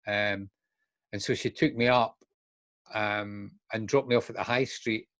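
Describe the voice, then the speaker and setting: A man's voice: on the low side, fairly even intonation, unhurried, fairly bright tone, no echo. An older Scottish man telling his own story in a frank, unguarded way. He slips into the voices of the people he remembers as he goes. The recording is dry and close. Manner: frank, acts out remembered dialogue. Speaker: guest speaker in recovery. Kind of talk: candid personal storytelling.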